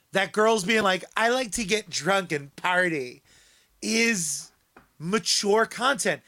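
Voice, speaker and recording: High-voiced man, slow sardonic talk. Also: bright, forceful tone. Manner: laughing, sardonic and profane. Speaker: podcast co-host. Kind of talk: casual podcast chat.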